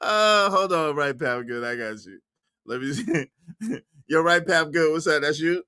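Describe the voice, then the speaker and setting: An excitable man hosting a reaction livestream, laughing and repeating himself as he talks to his chat. His voice is bright and forceful, and the sound is close and dry with no room around it. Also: fairly high pitch, a little slow, smooth, no room sound. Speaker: livestream host.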